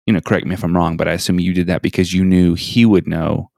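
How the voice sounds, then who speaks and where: A young man with a deep, gravelly voice talks haltingly on a casual podcast, restarting his sentences. The recording is dry and close. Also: level tone, a little mellow, dry recording. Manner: halting, self-conscious, many restarts. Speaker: podcast co-host. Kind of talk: casual chat.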